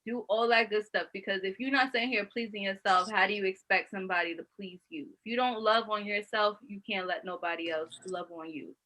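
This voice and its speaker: A woman's voice: mid-range voice, steady tone, fairly quick, hardly any pauses, pushed and bright. A woman guest in a casual podcast chat, talking frankly and bluntly. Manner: frank, blunt advice-giving.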